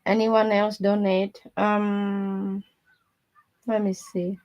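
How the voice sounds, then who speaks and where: A woman's voice: medium pitch, flat delivery, extremely slow, lo-fi sound. Blunt, chatty woman tarot reader. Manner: blunt, chatty, laughs often, loose broken grammar. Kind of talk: live-stream tarot reading, casual chat.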